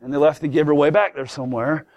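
A man's voice: on the high side, steady tone, fast talker, a little mellow. A man preaching a sermon to a congregation in church, emphatic, asking rhetorical questions and repeating key words.

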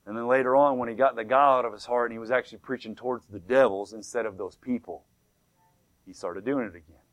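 A man preaching a sermon, fervent and swinging from loud to hushed. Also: mid-range voice, steady tone, fast, dry recording. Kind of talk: sermon retelling a vision.

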